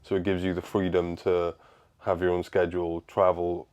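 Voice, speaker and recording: Welsh male guest, very low voice, relaxed conversational tone. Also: moderate pace, lo-fi sound. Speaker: podcast guest. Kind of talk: casual podcast chat.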